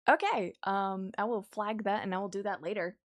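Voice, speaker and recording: A young woman streamer chatting casually with her viewers while she draws, easily excited and quick to laugh. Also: mid-range voice, dry recording, studio quality. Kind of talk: casual livestream chat while drawing.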